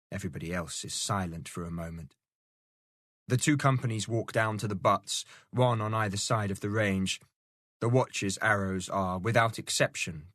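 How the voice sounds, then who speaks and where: Man, audiobook narrator, low voice, measured storytelling, dry close recording. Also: a bit bright, no echo. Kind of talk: scripted narration.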